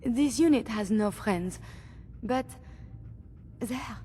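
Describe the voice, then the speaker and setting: An actress voicing a robot mind newly woken in a synth woman's body, speaking slowly and with wonder in a game. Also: fairly high pitch, dark tone. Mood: halting. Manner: slow, wondering, halting. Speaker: game character.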